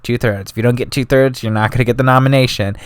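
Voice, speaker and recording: A man's voice: medium pitch, fairly even intonation, quick pace, clear, resonant tone, no room sound, studio quality. A man hosting a history podcast, telling it in loose, slangy, casual talk full of asides. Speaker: podcast host.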